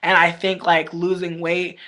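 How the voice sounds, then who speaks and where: A woman's voice: on the low side, little pitch movement, unhurried, bright, forceful tone. A woman vlogger in casual livestream chat, talking candidly with lots of slang, swearing and rambling fillers. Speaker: vlogger reviewing a reality show.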